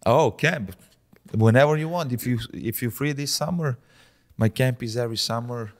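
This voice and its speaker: A man with a Slovenian accent, a podcast guest chatting casually with frequent restarts. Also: mid-range voice. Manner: relaxed, halting speech with many restarts.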